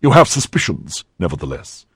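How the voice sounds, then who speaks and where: A man's voice: low-pitched, huge pitch swings, slightly rough, no room sound, studio quality, exaggerated voice. A man doing a cold, calculating cardinal. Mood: probing. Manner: measured, probing, quietly commanding. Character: powerful older male cardinal, cold, calculating.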